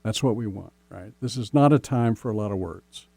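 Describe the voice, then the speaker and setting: A man hosting a relationship podcast as a coach, speaking gently and slowly, often ending points with "right?". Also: fairly low pitch, creaky, husky, no echo. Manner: gentle, slow, many "right?" tags. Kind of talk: casual podcast advice.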